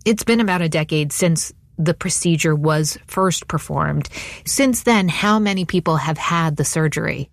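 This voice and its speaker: A woman's voice: sits low, normal speed, creaky, no room sound. A woman hosting an interview, asking curious follow-up questions. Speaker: host.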